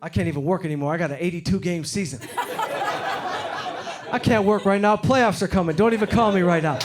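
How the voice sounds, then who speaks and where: A middle-aged man from Detroit doing a stand-up comedy set on stage, getting loud and animated when he acts out other people. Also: sits high, a little fast, heavy background noise. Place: comedy stage before a live audience. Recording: live show with loud crowd laughter. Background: crowd laughing.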